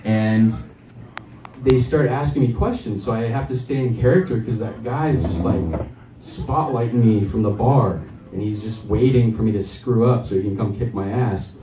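Man, stand-up comedian, rambling, chuckling, fairly low voice, roomy echo. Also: moderate pace, noisy background. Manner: rambling, self-deprecating, chuckling. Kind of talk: open mic stand-up set. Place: small comedy club stage. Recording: echoey club, mic far off.

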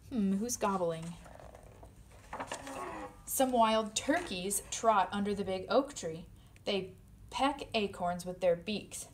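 A woman reads a children's picture book aloud in a steady, mid-range voice. She turns playful on the animal sounds, jumping up high for the squeaks and yips. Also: slow, long pauses, a little hiss or hum. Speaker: storybook reader.

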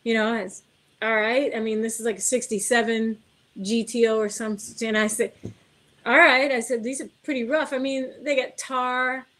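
Woman, middle-aged, slightly high voice, chatty storyteller, acts out quotes, laughs along. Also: moderate pace. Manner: animated anecdote telling, acts out dialogue, laughs often. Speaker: guest car builder. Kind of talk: casual interview storytelling.

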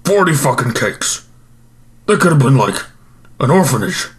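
A man's voice: medium pitch, sing-song, moderate pace, close to an everyday voice. A man playing an overstuffed, self-pitying male supervillain in an improvised comedy monologue, groaning and rambling about his regrets.

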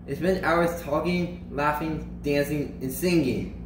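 A man reading a children's storybook aloud in an animated way, slowing down and lifting his voice for emphasis. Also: reverberant, noisy background. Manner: animated, slows and lifts pitch for emphasis and character lines. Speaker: storybook reader.

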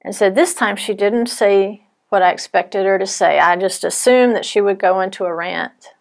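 A middle-aged woman giving an earnest, measured teaching talk to wives, telling stories to make her points. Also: mid-range voice, gravelly. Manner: earnest, measured, softens for quoted fears. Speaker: Bible teacher.

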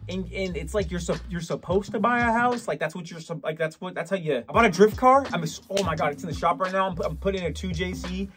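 A man's voice: high voice, quick pace, hardly any pauses, fairly bright tone, soft background music. A man vlogging casually, joking and self-mocking as he rambles between topics. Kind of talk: casual vlog talk.

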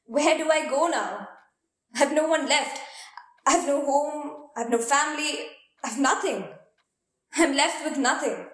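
A young woman plays a distraught woman who speaks slowly and bitterly. Her voice is high. The sound is echoey, as if from a stage. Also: fairly bright tone. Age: young adult. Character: distraught woman with nothing left. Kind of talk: student stage drama.

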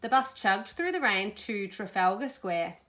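Expressive woman reading a children's story. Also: mid-range voice, unhurried, a little hiss or hum. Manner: expressive, playful. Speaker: storybook reader. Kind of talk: children's storybook read-aloud.

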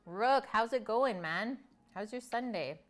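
A woman's voice: on the high side, animated, measured pace, soft background music. Chatty woman streamer eating on camera. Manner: chatty, reads out viewer comments, tastes food between lines. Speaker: live-stream cooking host. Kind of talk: casual chat while eating.

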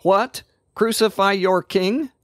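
A man's voice: sits high, takes it slowly, dry recording, studio quality, voice pushed up. A man voicing stern Roman governor Pilate. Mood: incredulous.

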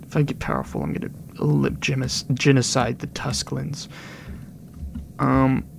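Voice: mid-range voice, fairly even intonation, unhurried, vocal fry, slight background noise. A gaming video creator giving rambling, casual commentary over gameplay, with muttered asides that drop to whispers.

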